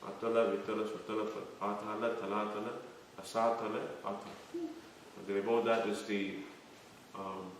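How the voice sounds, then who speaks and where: Male scripture teacher, measured explaining style, echoey room with faint background noise. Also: fairly low pitch, flat delivery. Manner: explains terms slowly, quizzes listeners. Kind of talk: devotional scripture lecture. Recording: echoey room, mic far off.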